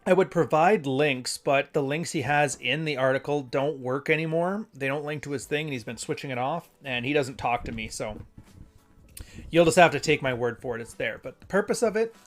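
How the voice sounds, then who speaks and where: A man with a mid-range voice hosts a live stream at a moderate pace. He rambles casually and conversationally, reading passages aloud and correcting himself mid-sentence.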